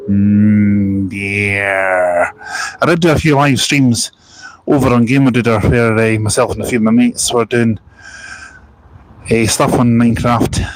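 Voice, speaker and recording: A man's voice: lowish voice, noisy background. A Scottish man chatting casually on a bus-spotting live stream, reading out viewer comments in a jokey, rambling way. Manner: jokey, rambling, laughs at his own stories.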